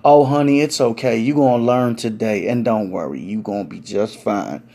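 A man's voice: lowish voice, moderate pace, pitched below the performer's own voice. A man voicing a sassy, motherly older Southern aunt who calls everyone honey and baby. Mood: teasing. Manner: warm teasing, calls people honey and baby.

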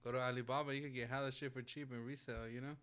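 A man with a bright, forceful voice chats on a podcast as co-host. He is relaxed and slangy, swearing freely. His pitch sits in the middle. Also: very fast, smooth. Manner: laid-back, slangy, profane. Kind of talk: casual podcast chat.

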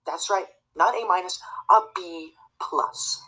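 A woman's voice: fairly low pitch, takes it slowly, bright, forceful tone, slightly rough, exaggerated voice, low-quality recording. A woman acting a prissy, rule-obsessed teacher's pet student in a comedy sketch, tattling and preaching about the rules. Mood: tattling, indignant. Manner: tattling, self-righteous and preachy.

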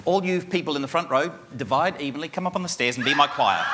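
A man giving a lively motivational talk to a live conference audience, coaxing the crowd to join in. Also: on the high side, fast talker, hardly any pauses, noisy background. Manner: animated, coaxing, drops to a soft hush for the meditation.

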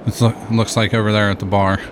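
A man improvising a game role-play in a relaxed, plain voice, playing along. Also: lowish voice, fast talker, noisy background. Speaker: player roleplaying a character.

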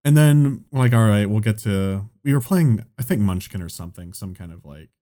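A man's voice: fairly low pitch, lively intonation, fairly quick, mellow. A man telling a long casual anecdote, rambling with lots of "like" and swearing. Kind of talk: casual chat.

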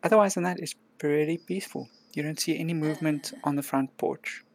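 A low-voiced woman narrates a tabletop game as game master. She tells the story in a calm, descriptive way. She is recorded in a dry room. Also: a little fast, vocal fry, dry recording.

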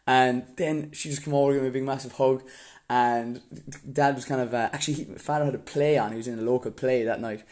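Young Irish man telling a lively story. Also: mid-range voice, quick pace. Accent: Irish, Waterford. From Ireland. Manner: animated, laughs often mid-story. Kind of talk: casual storytelling.

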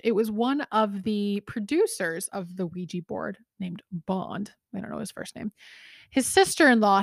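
A young adult woman co-hosting a podcast in casual chat, lively, laughing easily and often correcting herself mid-sentence. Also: medium pitch, vocal fry, dry recording, studio quality. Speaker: podcast co-host.

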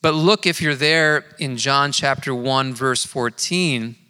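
A man preaching a sermon in a church, telling his own story in an earnest, conversational way and slowing down to stress key words. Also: mid-range voice, pushed and bright, clean tone. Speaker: pastor. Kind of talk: sermon with personal testimony. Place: church sanctuary. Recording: long hall reverb.

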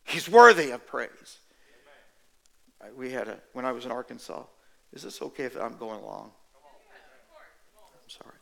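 A man's voice: mid-range voice, moderate pace, vocal fry, pauses often, rough recording. A man preaching in a church, telling a folksy story with chatty asides between sung passages. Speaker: preacher and worship singer.

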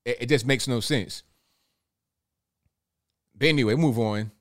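A man's voice: mid-range voice, a little slow, pauses often. Chatty man hosting a live stream. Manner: loose and chatty, repeats words, chuckles often. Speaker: livestream host reading viewer super chats. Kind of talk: casual live-stream chat.

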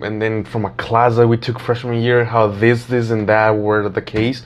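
A young man in casual chat, rambling and animated, swearing freely and acting out his friends' lines. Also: medium pitch, normal speed, lo-fi sound. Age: young adult.

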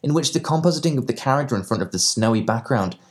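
Male reviewer, fast and sardonic, heavy on swearing, scripted comic delivery. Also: mid-range voice, expressive. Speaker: film reviewer. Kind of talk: scripted comedic review narration.

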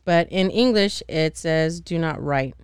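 A young woman hosting a casual podcast chat, animated, laughing often and swearing freely as she acts out scenes. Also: sits low, unhurried, clear, resonant tone, no room sound, clean studio sound. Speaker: podcast host.

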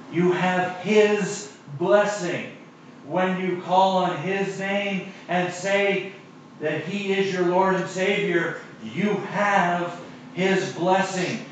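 A man's voice: fairly high pitch, a bit bright, slight background noise. A man preaching a sermon, telling a personal story and then repeating his points with emphasis. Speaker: pastor. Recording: echoey distant lo-fi church recording.

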